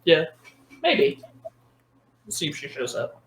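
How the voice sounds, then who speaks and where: A woman's voice: low voice, huge pitch swings, a little slow, slight background noise. A woman chatting as a podcast guest, rambling along and correcting herself as she talks. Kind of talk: casual chat.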